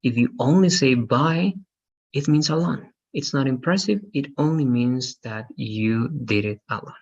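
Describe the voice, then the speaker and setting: Gravelly-voiced male English teacher. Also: mid-range voice, measured pace, darkish tone. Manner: patient, repeats checks like "right?" and "okay?". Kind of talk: online class explanation. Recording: muffled lo-fi audio.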